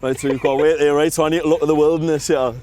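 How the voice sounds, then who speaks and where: A man's voice: on the high side, flat delivery, very fast, darkish tone. A young man from Newcastle with a Geordie accent, chatting casually and laughing easily with a stranger on a bench outdoors. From Newcastle, England. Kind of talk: casual chat. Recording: faint outdoor noise.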